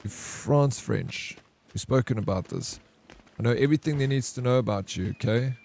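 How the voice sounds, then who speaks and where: A man's voice: medium pitch, normal speed, gravelly, a little hiss or hum. Joking streamer man. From South Africa. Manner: jokey, excitable, banters with chat. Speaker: variety streamer. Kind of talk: casual live-stream chat while gaming.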